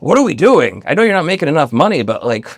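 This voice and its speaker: Animated, profane male podcast co-host. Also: fairly high pitch, fast, no room sound. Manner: animated, swearing, acts out quotes in funny voices. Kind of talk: casual chat.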